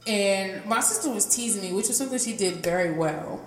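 A woman's voice: medium pitch, a little fast. A young woman co-hosting a casual chat, telling stories with a lot of laughter. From New York area. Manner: animated storyteller who laughs often. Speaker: podcast co-host. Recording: roomy reverb with faint music.

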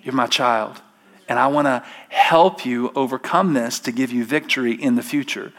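A preacher putting on a hushed, gentle God. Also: male voice, mid-range voice, normal speed, pitched below the performer's own voice, lightly acted. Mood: tender. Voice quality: soft and hushed. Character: gentle fatherly God, calm and loving.

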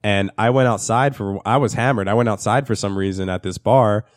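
Male host, low register, dry sound; profane, rambling storyteller. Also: fairly quick, no room sound. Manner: profane, rambling, laughs often. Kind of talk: casual chat.

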